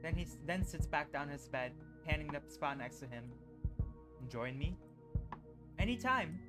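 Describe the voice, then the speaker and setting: A male streamer reading a visual novel aloud in an expressive, unhurried way. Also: a little high. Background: background music.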